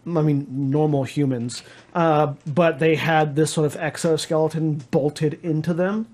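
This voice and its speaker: A man's voice: on the high side, steady tone, a little slow, darkish tone. A man narrating a tabletop game as game master, rambling with many restarts.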